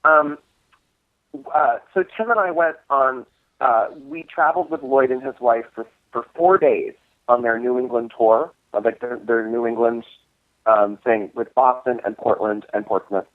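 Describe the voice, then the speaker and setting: A man's voice: mid-range voice, a little slow, no echo. A man, co-host of a cult film screening series, telling a long story in a casual interview, rambling with many restarts and fillers. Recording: tinny phone-like line.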